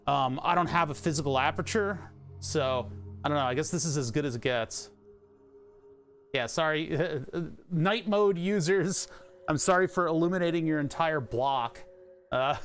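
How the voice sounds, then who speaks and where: A man with a Philadelphia accent and a voice on the high side chats casually during a live stream. He rambles, laughs often, and swears now and then.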